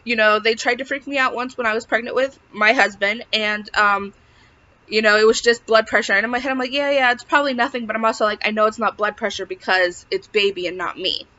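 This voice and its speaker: Speaking fairly quickly in a steady, bright, pushed mid-range voice, a young vlogger rambles through an emotional personal story, leaning heavily on fillers. The recording has a dull, lo-fi quality.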